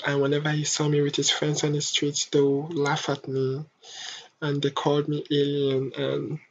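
A young adult vlogger from Africa, speaking in a soft, halting, emotional confessional monologue. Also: medium pitch. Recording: dull lo-fi home recording.

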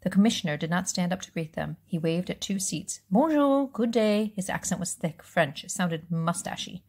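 A woman reads a children's novel aloud in a relaxed way, now and then stopping to correct herself or add a casual aside. Her voice is low and husky. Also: a little fast. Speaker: reader.

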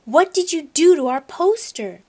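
A woman voicing an upset young schoolboy who pleads and shouts in a tearful, raised voice. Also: on the high side, lively intonation, normal speed. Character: upset schoolboy, loud and hurt.

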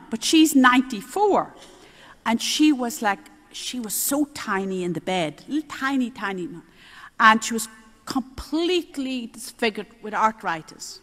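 An older woman, a nun giving a spiritual talk on prayer, telling stories in a lively way with little chuckles. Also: high voice. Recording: roomy hall reverb.

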